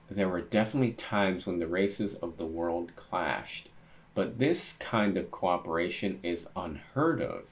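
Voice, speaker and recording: A young man with a deep, low voice reads a comic chapter aloud and reacts as he goes. He talks casually, thinks out loud and gets excitable at each new panel. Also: a little slow. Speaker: manga reaction host.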